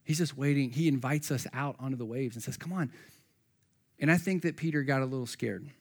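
A man's voice: medium pitch, quick pace. A man preaching a sermon, reading scripture and acting out the voices of the people in the story. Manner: animated, acts out voices of Bible figures. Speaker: pastor.

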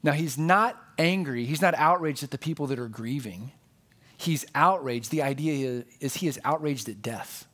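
A man's voice: on the high side, moderate pace, fairly bright tone. A man preaching a sermon as pastor, earnest and conversational, leaning on emphatic repetition.

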